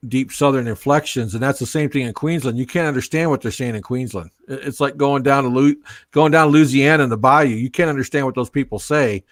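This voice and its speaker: A man's voice: mid-range voice, fairly quick, dry recording. A man, a guest on a casual live stream, patiently explaining tech and spelling out names. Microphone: gaming laptop mic with headphones.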